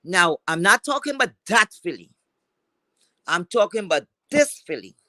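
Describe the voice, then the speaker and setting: A female livestream host with a non-standard accent delivers an angry, profane rant, lecturing like a mock teacher. Her fairly low voice is sing-song, pushed and bright at a normal pace, with a dry, close sound and no echo.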